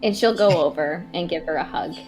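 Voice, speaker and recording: A woman playing her character in a tabletop game, warm and prone to giggling. Her pitch is in the middle for a woman. A little music sits faintly behind her. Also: a little fast. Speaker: player.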